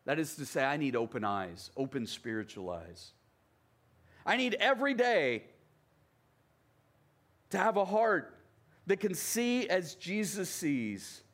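A man from the American South delivers a sermon with a fairly high voice. He speaks conversationally and keeps checking in with the congregation as he goes. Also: huge pitch swings, slow, pauses often, a bit bright. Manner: conversational, often checks in with the listeners. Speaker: pastor.

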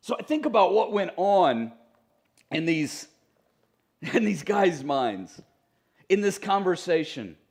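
A pastor preaching a sermon in a church, talking conversationally with joking asides to the congregation. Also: male voice, high voice, big pitch swings, slow, long pauses, darkish tone. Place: church sanctuary.

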